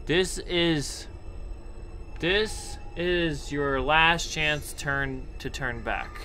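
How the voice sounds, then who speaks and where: A man's voice: fairly high pitch, drawn-out words, bright, forceful tone, slight background noise. A young man commentating a horror game, nervous and jumpy, chatting to objects around him and yelping at scares. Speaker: gaming YouTuber.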